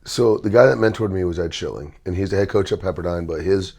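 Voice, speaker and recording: A middle-aged man with a very deep voice speaks calmly and evenly. He leads a relaxed interview about coaching and sounds measured. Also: breathy edge. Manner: calm, measured, even-tempered. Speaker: host and basketball trainer. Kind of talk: casual interview chat.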